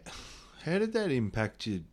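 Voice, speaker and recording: A man's voice: mid-range voice, huge pitch swings, moderate pace, darkish tone. A man interviewing a guest in a friendly, casual way with short prompts.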